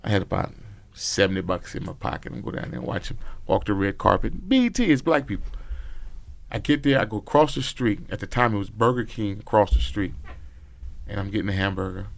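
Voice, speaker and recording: Gravelly-voiced man telling stories. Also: fairly low pitch, a little fast. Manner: loose, profane, animated retelling with quoted dialogue. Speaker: guest, former bodyguard. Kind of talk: casual storytelling. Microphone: podcast mic.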